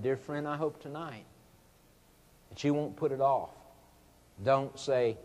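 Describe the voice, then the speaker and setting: A man's voice: mid-range voice, normal speed, darkish tone. Earnest male preacher in a reverberant hall. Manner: earnest pleading, rising to fervent emphasis. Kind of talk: evangelistic sermon.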